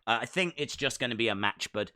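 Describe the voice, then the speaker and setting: Bright-voiced streamer chatting. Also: male voice, medium pitch, expressive, quick pace. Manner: rambling, jokey, answering chat comments. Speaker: live stream host. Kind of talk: casual live watch-along chat.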